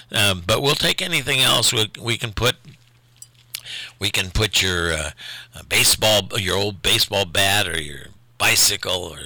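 Older guy from ohio running a local radio swap show, rambling and chatty, bright punchy voice, super dry. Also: lowish voice, dry recording. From Ohio, USA. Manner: rambling, chatty, self-deprecating. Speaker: radio call-in show host. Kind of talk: casual radio chat.

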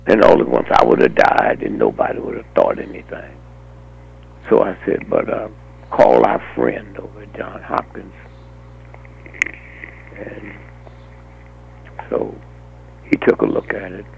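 An older man telling a long anecdotal story in an animated way, often breaking off with a rhetorical "huh?". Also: lowish voice, gravelly, husky, highs cut off. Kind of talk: anecdotal monologue.

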